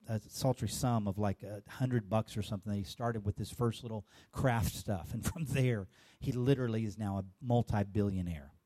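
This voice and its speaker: A male pastor preaching a sermon with call-and-response and bursts of shouting. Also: lowish voice.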